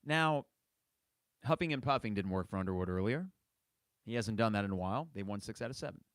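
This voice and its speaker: Man, 30s, sports podcast host, exasperated impassioned rant, very lively pitch, dry close sound. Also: fairly quick, no room sound. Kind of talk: sports fan podcast commentary.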